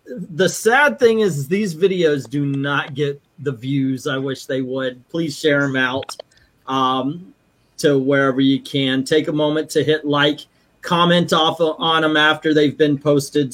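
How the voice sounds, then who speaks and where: A man's voice: on the high side, fairly even intonation, measured pace, fairly bright tone. Chatty American man hosting a stream. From United States. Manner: rambling, jokey, self-deprecating. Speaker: podcast host. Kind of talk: casual chat on a comics stream.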